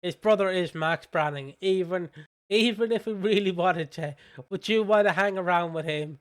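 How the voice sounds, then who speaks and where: British male co-host with a high voice, crude, jokey banter. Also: normal speed. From United Kingdom. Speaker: podcast co-host. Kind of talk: casual podcast chat.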